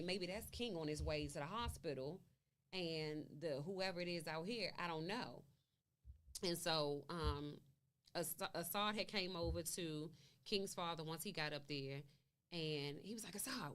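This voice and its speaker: A mother being interviewed retells events at length in a fairly low, slightly bright voice. She acts out the dialogue as she goes, storytelling in a conversational way.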